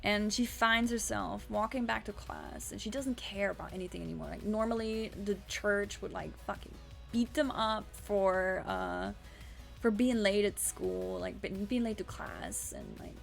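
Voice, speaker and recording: A woman's voice: medium pitch, normal speed, creaky, soft background music. A woman streamer casually recapping a story, rambling with restarts and swearing.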